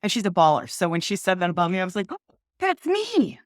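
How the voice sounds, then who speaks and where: A woman's voice: on the low side, fairly even intonation, very fast, dry recording, studio quality. A woman from Ohio, an author guesting on a podcast, chatting in a bubbly way and laughing often. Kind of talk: casual interview chat.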